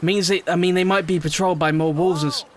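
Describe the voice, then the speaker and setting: A young man giving casual let's-play commentary on a game, rambling, excitable, sometimes shouting and swearing at what happens. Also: sits high, fast. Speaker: gaming video host.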